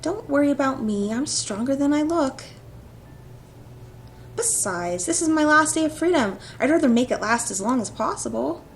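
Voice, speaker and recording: A spirited young heroine with a quick wit and a playful edge, as a woman reads her aloud. The voice sits fairly high, and a soft rumble hums in the background. It is a visual novel reading. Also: lively intonation, gravelly. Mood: witty.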